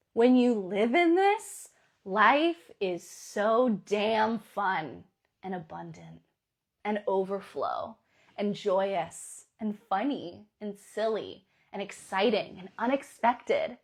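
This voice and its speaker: A woman astrologer and coach giving a motivational pep talk, animated and emphatic, with sudden bursts of excitement. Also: on the high side.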